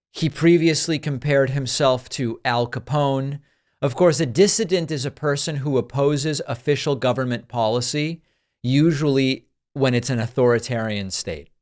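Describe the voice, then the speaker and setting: A man hosting a political news commentary show, delivering dry, sarcastic remarks. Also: mid-range voice. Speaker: host.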